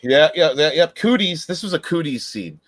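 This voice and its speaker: A man's voice: on the high side, expressive, moderate pace, a bit bright, no room sound. A man co-hosting a podcast, joking crudely and swearing while he chats about a TV episode. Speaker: podcast co-host. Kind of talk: casual chat reviewing a TV episode.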